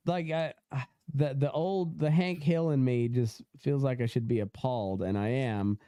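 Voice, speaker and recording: Young guy hosting a podcast, rambles n laughs a lot, smooth clear voice, dead dry close mic. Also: medium pitch, moderate pace, dark tone, no room sound. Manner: rambling, laughs a lot, many fillers and restarts. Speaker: podcast host. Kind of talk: casual podcast chat.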